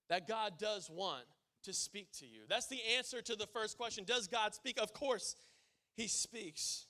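Man, preacher, sermon, high voice, storytelling turning emphatic. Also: animated, a little slow, sharp tone.

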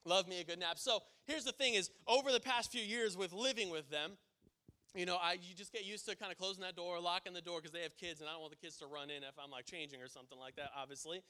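High bright-voiced male preacher. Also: fast. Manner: conversational storytelling that builds to emphatic preaching. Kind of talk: sermon.

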